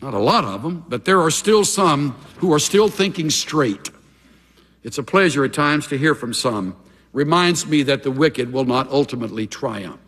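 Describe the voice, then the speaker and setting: An older man preaching a sermon, emphatic and swinging from loud exhortation to hushed asides. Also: medium pitch, lively intonation, moderate pace, husky, big-room sound. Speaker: pastor.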